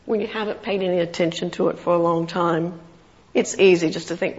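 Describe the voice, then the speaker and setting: A woman's voice: lowish voice, fairly even intonation, brisk, darkish tone. A woman preaching a sermon, telling a story with acted-out quotes and light laughter. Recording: muffled sound in a large reverberant hall.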